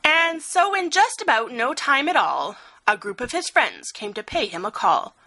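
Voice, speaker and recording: A woman reading a rhyming picture-book story aloud, expressive, with a sing-song rhythm. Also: sits high, normal speed, rough recording.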